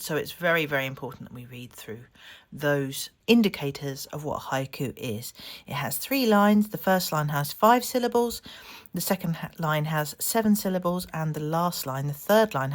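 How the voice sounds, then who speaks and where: A woman guiding learners through a poetry lesson, speaking patiently and slowing down to sound out syllables clearly. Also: low-pitched. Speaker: teacher. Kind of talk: instructional video narration.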